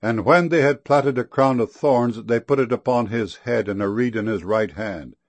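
A man giving a solemn scripture reading, with measured, deliberate phrasing and slow, emphatic stresses. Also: mid-range voice.

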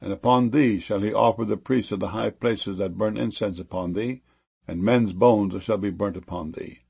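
A man giving a solemn scripture reading, raising his pitch and volume dramatically for quoted speech. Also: normal speed, vocal fry, darkish tone, husky. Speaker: scripture reader.

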